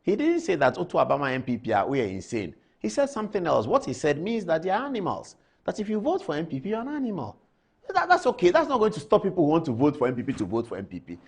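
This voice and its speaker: Animated Ghanaian man anchoring a TV show. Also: high voice, slightly rough. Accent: Ghanaian English. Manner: emphatic, addresses people directly. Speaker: news anchor. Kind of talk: animated studio commentary. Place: TV studio.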